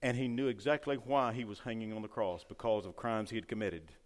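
A man preaching a sermon with fervor, rising loud and dropping to a hush. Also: fairly low pitch, fairly quick. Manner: fervent preaching, swings between loud and hushed. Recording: long hall reverb.

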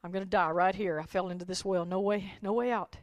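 A woman voicing a scared old donkey, low and hushed. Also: fairly even intonation, fast, dry recording, close to an everyday voice. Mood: despairing. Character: frightened old male donkey stuck in a well.

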